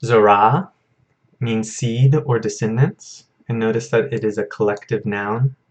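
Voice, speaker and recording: A young man teaching a casual vocabulary lesson in a relaxed, self-correcting way, chuckling at his own memory tricks. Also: on the low side, unhurried. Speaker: Hebrew teacher.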